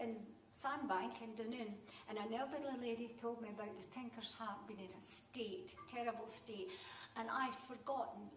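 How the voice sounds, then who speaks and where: Lively Scottish woman storyteller in a hall. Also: fairly high pitch, distant mic, a little hiss or hum. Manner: lively, conversational, acts out voices. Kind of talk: live comic storytelling. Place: conference hall. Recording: echoey hall, voice from off-mic.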